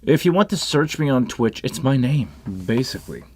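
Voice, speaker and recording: A man's voice: medium pitch, very animated, moderate pace, darkish tone, a little hiss or hum. A man with a French Canadian accent hosting a casual live stream about sound gear, chatting in a rambling way with many restarts and asides. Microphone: live microphone on a console setup.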